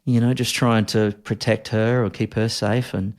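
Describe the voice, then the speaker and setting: A man in his forties with an Australian accent, recounting a hard time as a podcast guest, earnest and halting with many restarts. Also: lowish voice, little pitch movement. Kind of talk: candid interview storytelling.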